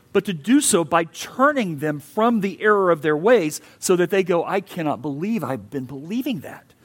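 Earnest male pastor preaching. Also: high-pitched. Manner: earnest, emphatic, rises and falls in intensity. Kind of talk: sermon.

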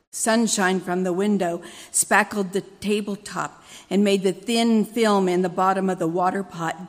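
A woman reading a dramatic story aloud at a church service, measured and expressive. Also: mid-range voice, big-room sound.

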